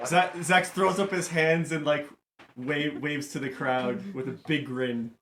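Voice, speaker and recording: A man's voice: fairly high pitch, steady tone, measured pace, fairly bright tone, slight background noise. A man playing a tabletop game, eagerly describing his character's actions and stumbling over his words. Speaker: player. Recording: roomy echo.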